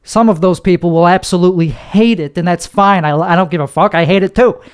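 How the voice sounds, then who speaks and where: Young adult man, podcast host, nervous, rambling, curses a lot, high-pitched, smooth clear voice. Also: fairly quick. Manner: anxious, rambling, heavy cursing. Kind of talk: solo podcast monologue.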